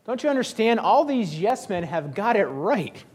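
Male preacher, high voice, sarcastic storyteller who acts out the scripture characters. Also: sing-song, moderate pace, darkish tone, slightly rough. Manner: wry, sarcastic, acts out the kings' lines. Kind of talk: sermon retelling scripture.

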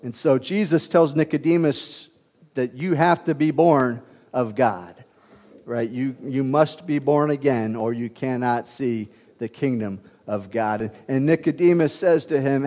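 A man's voice: medium pitch, measured pace, a little mellow. Preaching man in a reverberant hall. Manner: conversational teaching with frequent fillers and restarts. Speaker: pastor. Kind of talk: sermon.

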